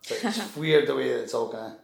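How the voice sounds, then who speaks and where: A gravelly-voiced man talks quickly in a sing-song way at medium pitch. Chatting casually, he wanders through an anecdote, restarting, cursing, and imitating the people in the story. The room sounds echoey.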